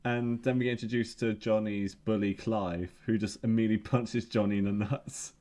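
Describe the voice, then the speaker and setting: A man co-hosting a podcast, retelling scenes in casual chat with quick quoted lines. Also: fairly low pitch, steady tone, mellow. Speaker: podcast co-host.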